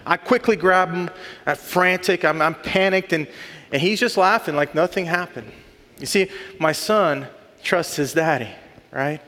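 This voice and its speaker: A man's voice: fairly high pitch, unhurried, fairly bright tone. Earnest preaching man in a reverberant hall. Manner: earnest, builds to rising emphatic lists. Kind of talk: sermon.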